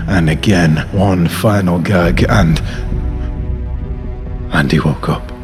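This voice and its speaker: Deep-voiced man reading a horror tale. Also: in a large hall. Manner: dramatic, drawn-out storytelling. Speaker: podcast host. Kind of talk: mock-horror story reading.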